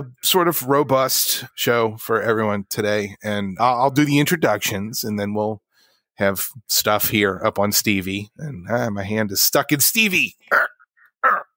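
A man's voice: medium pitch, bright, forceful tone, no room sound. A man hosting a casual tech show from a studio, rambling and joking at his own expense, often stumbling over his words. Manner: rambling, self-deprecating, stumbles and restarts. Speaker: show host.

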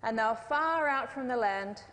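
A woman's voice: a little high, animated, moderate pace, a bit bright. A woman preaching a sermon, telling a story in a conversational way with jokes and asides. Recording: long reverb of a hall.

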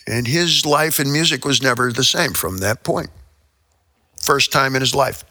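An older man with a strikingly bright, forward voice tells rambling stories in an interview. His delivery is theatrical and playful, full of jokes and laughing asides, with faint music running underneath. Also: medium pitch, a little slow. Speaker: performing musician.

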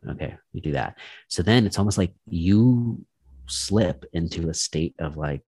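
A man guest on a podcast, talking in a relaxed, rambling way with lots of "like" fillers. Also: deep voice, moderate pace, no room sound. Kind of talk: casual conversation.

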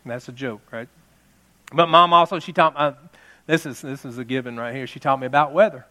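A man's voice: medium pitch, brisk, pushed and bright. A man in his fifties preaching a jokey Mother's Day sermon, telling family stories and laughing at them. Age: 50s.

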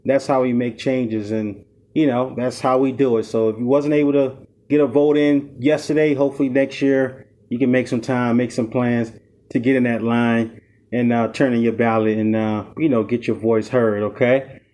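A man hosts his own fantasy sports talk show as a podcast host, speaking casually and venting his frustration about losses. His medium-pitched voice is warm and level, at normal speed. He leans on lots of fillers, repeating "okay?" checks and "you know."

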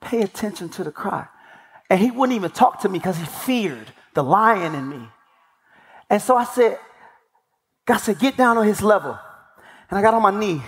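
High-voiced man preaching in a reverberant hall. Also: normal speed, long pauses. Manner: animated, acts out dialogue in voices; repeats words when building a point. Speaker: guest speaker. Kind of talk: sermon with personal storytelling. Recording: long reverb from a large hall.

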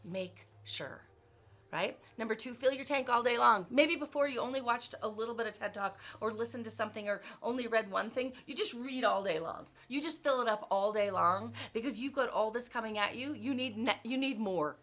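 Bright, lively woman coaching her team. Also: a little high, moderate pace. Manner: animated storyteller, laughs often, many "like"s and "right?". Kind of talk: motivational team talk.

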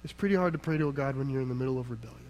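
A man's voice: mid-range voice, rapid-fire, a little mellow, slight background noise, poor audio. A man preaching a sermon in an emphatic, conversational way, firing rhetorical questions at the congregation and answering them himself. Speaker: pastor.

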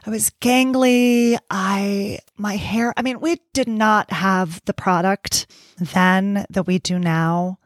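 A woman's voice: medium pitch, fairly even intonation, slow, dry recording. A woman in her forties hosting her own podcast, talking candidly and from the heart in a reflective monologue, laughing often and swearing casually. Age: 40s. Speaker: podcast host.

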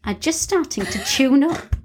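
A woman's voice: high voice, expressive, normal speed, slight background noise. A British woman co-hosting a casual chat, reading family letters aloud in a dry, matter-of-fact way. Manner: dry, matter-of-fact reader, keeps steering back to the text.

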